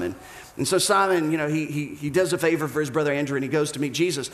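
A man delivers a sermon as pastor, his voice sitting a touch high for a man. He tells the story in a lively, casual way and slips into quick voices for the people in it. The sound carries a roomy echo around him. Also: a little hiss or hum. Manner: animated storytelling, acting out voices of the characters. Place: church auditorium. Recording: echoey room.

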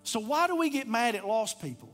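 A man's voice: extremely high pitch, very animated, brisk, fairly bright tone, soft background music. A man preaching a sermon, retelling a parable with passionate storytelling and direct appeals. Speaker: pastor.

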